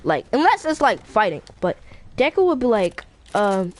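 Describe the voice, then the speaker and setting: A woman tells a made-up fan story in loose, slangy chat, rambling and restarting as she goes. Her voice sits at a middle pitch. A faint hiss runs underneath. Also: sing-song, normal speed. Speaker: YouTuber. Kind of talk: casual fan-fiction storytelling.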